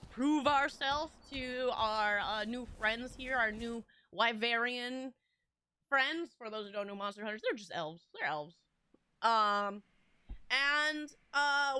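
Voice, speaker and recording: A woman's voice: high-pitched, sharp tone. A woman game streamer chatting casually with viewers, rambling with lots of restarts and little laughs.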